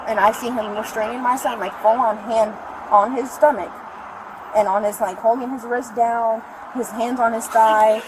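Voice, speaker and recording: Brief: woman, agitated rambling account to officers, fairly high voice, noisy outdoor body cam audio. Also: steady tone, normal speed. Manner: rambling, breathless retelling. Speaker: arrested mother. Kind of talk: recounting events to police. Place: outdoors by a store parking lot. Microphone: police body camera.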